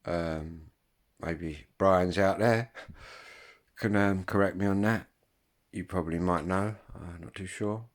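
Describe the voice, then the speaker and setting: A man's voice: deep voice, slow. A man, chatting casually to viewers in a rambling way, full of ums and swearing. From Kent, England. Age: 50s. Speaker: vlogger.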